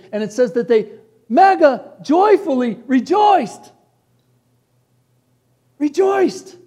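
A man from Chicago preaching a sermon to his congregation, dropping to soft, hushed passages and rising to loud, exclaiming peaks. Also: sits high. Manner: preacherly, addresses congregation as church. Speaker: pastor.

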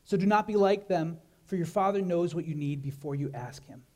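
A man pastor preaching a sermon, animated, with many rhetorical questions and repeated words. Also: fairly high pitch, a little fast.

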